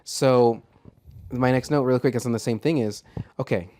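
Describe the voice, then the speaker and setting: A man co-hosting a movie podcast, chatting casually with a loose, profane and animated manner. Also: medium pitch, moderate pace. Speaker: podcast co-host. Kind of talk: casual chat.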